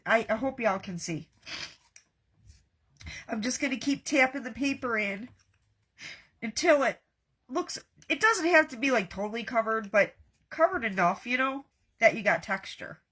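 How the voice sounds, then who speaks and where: A middle-aged woman, hosting a live craft tutorial and chatting warmly and folksily with her viewers. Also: on the high side, expressive, moderate pace. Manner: warm, talks straight to viewers with folksy asides. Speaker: craft host.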